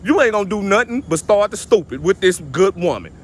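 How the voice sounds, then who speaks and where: A man talking outdoors in a casual, motivational way, emphatic and a little preachy, with a voice pitched somewhat high for a man. He keeps circling back to the same phrases. Faint traffic noise sits behind him. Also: big pitch swings, brisk. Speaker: vlogger giving life advice.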